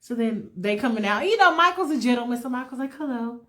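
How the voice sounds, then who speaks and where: A woman retelling a comic fan-fiction story casually, animated and profane with asides to listeners. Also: on the high side, fast talker, slight background noise.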